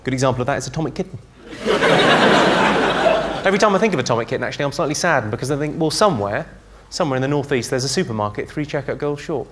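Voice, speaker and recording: A man doing a stand-up comedy set on a theatre stage, trading deadpan one-liners and banter with the audience. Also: mid-range voice, rapid-fire. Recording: live show with loud audience noise.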